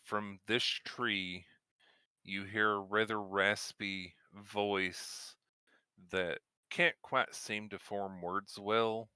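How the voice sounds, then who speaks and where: A man running a tabletop game as game master, narrating scenes in a slow, measured way. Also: lowish voice, little pitch movement, pushed and bright, clear, resonant tone, no echo, studio quality.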